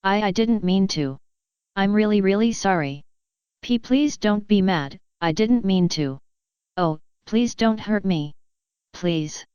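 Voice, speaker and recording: Give me a woman playing a shy stammering little storybook pony filly, clear-voiced and dry. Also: medium pitch, expressive, slow, darkish tone, no room sound, muffled recording. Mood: pleading, tearful. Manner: stammering, pleading. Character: timid tearful young pony filly, about seven.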